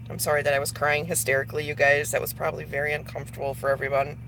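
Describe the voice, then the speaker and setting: A woman's voice: sits low, level tone, fast, fairly bright tone, slight background noise. A woman livestreaming, talking bluntly to her viewers and answering their comments by name. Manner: blunt and profane; talks straight to viewers by name. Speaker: vlogger. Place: at her workplace.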